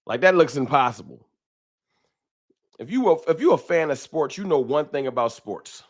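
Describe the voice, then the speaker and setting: A man's voice: a little high, sing-song, normal speed. A man hosting a casual live stream from a room at home, greeting viewers by name in loose slang. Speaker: livestream host. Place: home room with a wall sign. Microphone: desk microphone.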